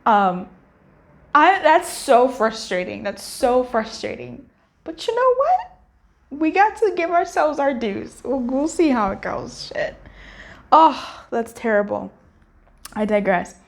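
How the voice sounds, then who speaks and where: A woman's voice: a little high, expressive, slow pace, gravelly. A young woman giving a casual tarot reading, candid and chatty, swearing and laughing as she talks straight to her viewers. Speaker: tarot reader.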